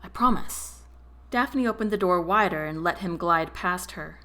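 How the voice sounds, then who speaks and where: A woman narrating a romance novel chapter in an expressive reading voice. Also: fairly low pitch, moderate pace. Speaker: audiobook narrator. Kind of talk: storybook narration.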